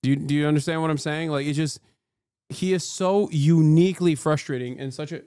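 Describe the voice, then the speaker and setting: Male streamer, high voice, dry close sound, sarcastic and profane. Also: a little fast, clear, resonant tone, no echo. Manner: profane, sarcastic, animated ranting. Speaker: streamer, host. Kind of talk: live-stream reaction commentary.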